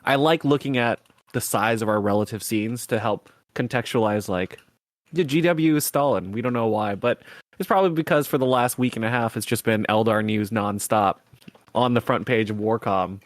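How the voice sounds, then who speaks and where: A man's voice: lowish voice, normal speed, dry recording, studio quality. A man hosting a podcast in casual chat who laughs easily and talks in long running sentences full of fillers. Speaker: podcast host.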